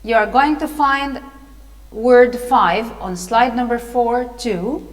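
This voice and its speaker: Egyptian-accented woman teacher, patient, explains vocabulary, high voice, echoey room. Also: takes it slowly. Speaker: English teacher. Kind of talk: reading a storybook and explaining vocabulary.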